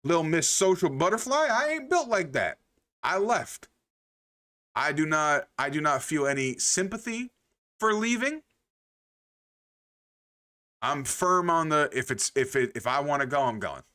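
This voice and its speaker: Male streamer, casual livestream chat, lively swooping delivery, bright voice, slightly high, profane and rambling. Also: a little slow, long pauses. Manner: animated, profane, rambling with laughs.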